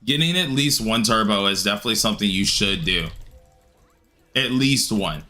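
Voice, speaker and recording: A man streaming a game live, chatting casually with viewers and grumbling loudly at the game in an excitable way. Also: on the low side, moderate pace, soft background music. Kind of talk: live-stream gameplay commentary answering chat.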